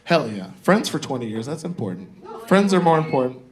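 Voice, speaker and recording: A man's voice: medium pitch, very animated, brisk. A man in his forties doing a crude, loose stand-up set, chatting with the audience from a comedy club stage on a handheld mic. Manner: crude, loose, crowd-working.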